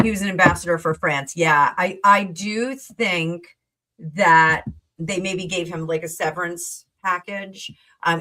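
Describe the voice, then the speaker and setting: Low-voiced chatty tarot-reading woman. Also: sharp tone, poor audio. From New Jersey, USA. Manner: rambling, chatty, with many fillers and asides to viewers. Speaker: tarot reader and livestream host. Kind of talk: casual live tarot reading chat.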